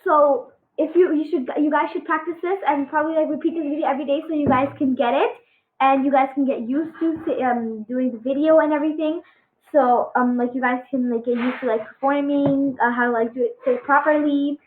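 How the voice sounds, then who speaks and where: A woman giving a casual pronunciation lesson on letter sounds, halting and full of fillers, encouraging her students. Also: sits high, fairly even intonation. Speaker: Arabic alphabet teacher. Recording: echoey, tinny phone-like sound.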